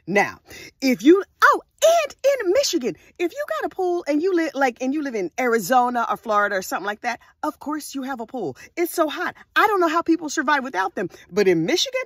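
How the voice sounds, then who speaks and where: An animated woman telling a crime story in a casual, chatty way and throwing in sassy asides. Her voice sits high and leaps all over the place. The sound is close and dry. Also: brisk, no echo. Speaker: true crime vlogger.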